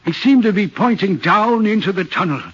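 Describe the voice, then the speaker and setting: A haunted, husky railway signalman. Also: sits high, lively intonation. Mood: uneasy. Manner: earnest, troubled, deliberate storytelling. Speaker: signalman in a radio play. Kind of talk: vintage radio drama acting. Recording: muffled old radio recording.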